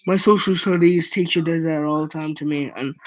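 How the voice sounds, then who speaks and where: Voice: mid-range voice, fairly even intonation, a little fast, no room sound, rough recording. A young teen vlogger telling a school story in a rambling, casual way, dropping "freaking" into nearly every sentence.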